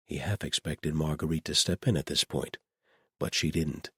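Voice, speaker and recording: Deep, husky male audiobook narrator. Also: fairly even intonation, moderate pace, fairly bright tone, dry recording, studio quality.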